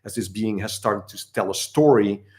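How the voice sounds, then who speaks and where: A man with a somewhat low voice co-hosts a live online question session. He explains in loose, rambling sentences full of "you know" and restarts, sounding easygoing and unhurried. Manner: relaxed, rambling explanations with many fillers. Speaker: co-host, internal arts teacher. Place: teaching space in the Netherlands.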